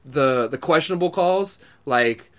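A man's voice: fairly high pitch, expressive, a little slow. A man in casual podcast chat, laid-back and rambling, with plenty of "like" and "um".

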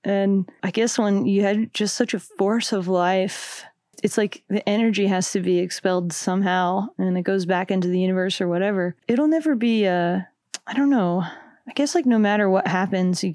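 A woman's voice: medium pitch, dry recording, studio quality. A young adult woman, a musician guest, talking reflectively in a casual interview, rambling and correcting herself. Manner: reflective, rambling, self-interrupting with soft laughs.

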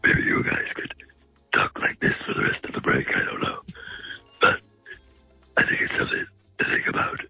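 A man doing a gravelly, raspy growl of a voice, repeating the same sentence slowly. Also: no room sound, phone-quality sound, soft background music, natural voice. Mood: calm musing.

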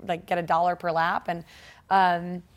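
Woman, forties, interview guest; lively storyteller who acts out other people's lines. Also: lowish voice, moderate pace. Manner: animated, acts out quoted voices, laughs often. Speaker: guest, triathlete.

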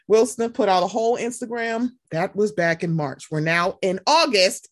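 Animated, profane woman podcast host. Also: mid-range voice, moderate pace, few pauses. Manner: animated, profane, acts out quotes in voices. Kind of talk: casual podcast chat.

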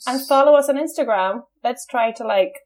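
A woman's voice: fairly high pitch, brisk, a little mellow. A young woman co-hosting a podcast, chatting casually and laughing often. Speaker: podcast co-host. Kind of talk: casual chat.

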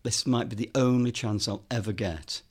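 A man's voice: mid-range voice, moderate pace. A man, a filmmaker and author, telling a story in an interview, with lots of ums and quoted dialogue.

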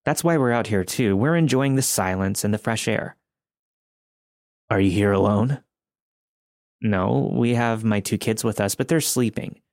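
A man's voice: fairly low pitch, measured pace, long pauses, darkish tone, no echo, studio quality. A man voicing a young mother, polite and protective of her sleeping kids, in a raised voice.

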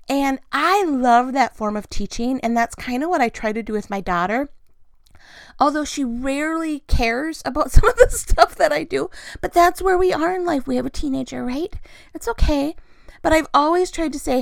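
Woman, 40s, casual storyteller, animated, acts out quotes, quick laughs, a bit of fry. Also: high-pitched, dry recording. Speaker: storyteller sharing family memories.

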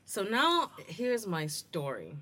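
A woman hosting a podcast, telling a story in a casual, animated and indignant way, acting out the dialogue. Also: medium pitch, takes it slowly. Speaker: podcast host.

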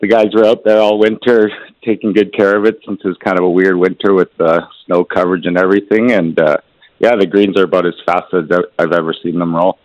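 A man working as a golf course assistant pro, calling in to a radio show and chatting in a relaxed, easygoing way. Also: low voice, a little fast, dry recording. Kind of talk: phone-in radio interview. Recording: dull lo-fi line.

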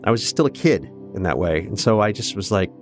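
A man's voice: lowish voice, animated, brisk, soft background music. A man from Kansas in his fifties, an interview guest telling his own family story in an earnest, reflective and candid way. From Kansas, USA. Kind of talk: personal storytelling in conversation.

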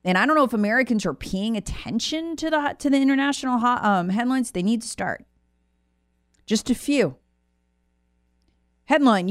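A woman's voice: a little high, animated, fairly quick, long pauses, no room sound, clean studio sound. A woman speaking as a guest commentator, alarmed and insistent, often repeating words for emphasis.

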